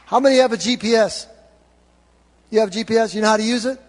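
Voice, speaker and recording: A male pastor preaching a sermon, storytelling and swinging between loud exhortation and hushed confession. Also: high voice, fast, pauses often. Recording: reverberant hall.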